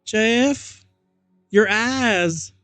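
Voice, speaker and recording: A man voicing a frightened mother with a put-on Southern American accent and a gentle, drawling, motherly way of speaking. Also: high-pitched, drawn-out words, no room sound, soft background music, pitched above the performer's own voice, heavily acted. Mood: worried. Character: frightened Southern mother, middle-aged woman.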